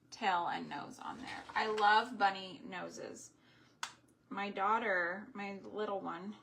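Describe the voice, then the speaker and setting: Slow, chatty woman crafting on a live stream. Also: medium pitch, gravelly, sharp tone, a little hiss or hum. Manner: rambling, chatty asides while working. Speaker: homesteading craft host.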